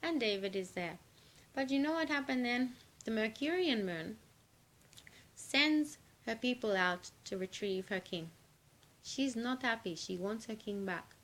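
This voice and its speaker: A woman telling an improvised story in an animated, playful way, with laughing asides. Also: fairly high pitch, unhurried.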